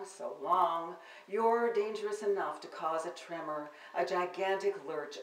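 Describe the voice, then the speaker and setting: A woman's voice: deep voice, slight background noise. An older woman, a poet, giving a public reading of her verse with wry, theatrical delivery and spoken asides, in a bookstore. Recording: roomy, distant live-event recording.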